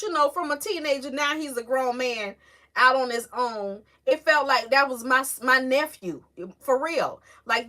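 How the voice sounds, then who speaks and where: Woman livestream host, high and bright, chatty and emotional with her chat. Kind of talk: casual live-stream chat with viewers.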